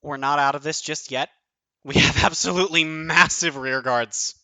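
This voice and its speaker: A man streaming his own online card game tournament, thinking aloud, counting out numbers and swearing often, his voice going a bit hoarse. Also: a little high, steady tone, normal speed, sharp tone, no echo. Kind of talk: excited live commentary of own play.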